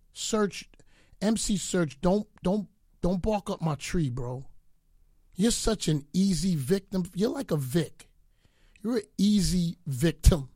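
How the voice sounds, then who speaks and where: Slow, taunting, mock-pleading man. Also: a little high, dry recording, studio quality. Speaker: radio DJ. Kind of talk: ranting commentary.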